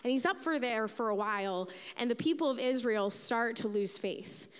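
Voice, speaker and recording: Animated high-voiced woman preaching. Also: moderate pace, clean tone, big-room sound. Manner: animated storytelling, acts out the Bible figures. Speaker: pastor. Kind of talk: sermon.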